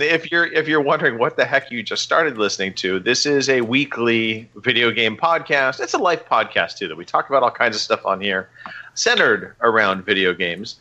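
A man's voice: mid-range voice, bright, forceful tone, dull audio. A man hosting a casual gaming podcast, joking and rambling with many fillers. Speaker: podcast host. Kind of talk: casual chat.

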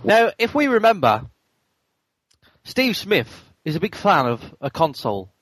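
A man's voice: high voice, big pitch swings, unhurried, a bit bright, husky, no room sound, poor audio. A man co-hosting a casual game podcast, talking chattily with jokey asides. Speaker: podcast co-host.

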